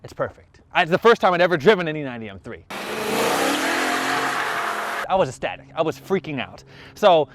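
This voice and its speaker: A man telling a personal car story in an animated vlog, acting out every side of the exchanges and mocking himself. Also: a little fast, pauses often, heavy background noise. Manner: self-mocking, jumps in pitch when excited.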